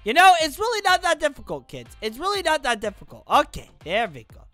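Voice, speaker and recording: A woman giving silly, animated gameplay commentary as a gaming YouTuber, full of exclamations. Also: high voice, a little fast, faint music behind.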